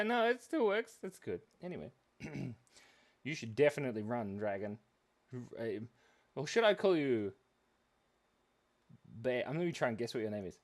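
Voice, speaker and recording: Giggly, playful man hosting a drawing stream. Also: medium pitch. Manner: silly, giggly, chatty, addresses viewers. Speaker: kids' drawing livestream host. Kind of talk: playful live drawing chat.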